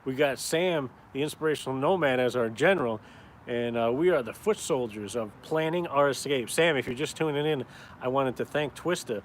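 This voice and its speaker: Outdoors in town where it's cold, a man from upstate New York who draws caricatures and vlogs chats to live-stream viewers. He talks at medium pitch and a moderate pace, rambling and swearing casually, with slight background noise.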